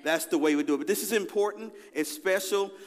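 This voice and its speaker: A man, preaching a lively, conversational sermon with call-and-response and a personal story in a large church. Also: high voice, a little fast. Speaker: pastor. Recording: long hall reverb.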